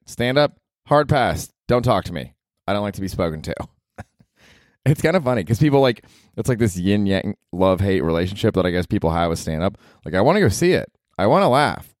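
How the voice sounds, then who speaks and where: A male comedian hosting his podcast, rambling casually and profanely, his pitch leaping up for emphasis. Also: a little mellow, dry recording, clean studio sound.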